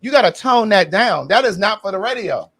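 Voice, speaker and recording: A high-pitched man hosts a loose, casual chat, his voice swinging widely up and down. He talks with sass and strong opinions, and he is quick to dismiss things. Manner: animated, sassy, opinionated. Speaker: host.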